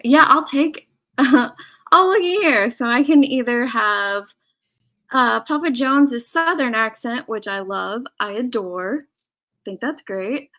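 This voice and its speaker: A woman from Illinois hosts a casual live-stream chat, reading out viewer messages in a chatty way and laughing often. Her voice is fairly high, pushed and bright.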